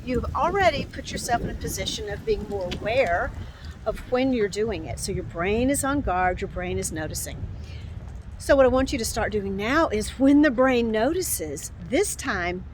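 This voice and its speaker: A woman in her sixties giving gentle, encouraging self-help advice outdoors on a bright day, often repeating herself and restarting phrases. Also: mid-range voice, background noise. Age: 60s. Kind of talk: casual instructional talk to camera.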